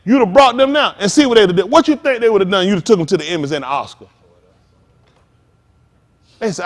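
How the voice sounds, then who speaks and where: A man's voice: high-pitched, animated, quick pace, long pauses. A man preaching a sermon as pastor, with call-outs to listeners and acted-out asides.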